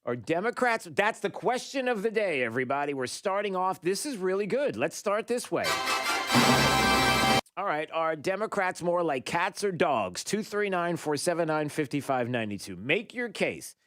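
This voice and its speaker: A man hosting a talk radio show, rambling and animated, with many fillers and restarts. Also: high-pitched, moderate pace, no echo, studio quality, soft background music.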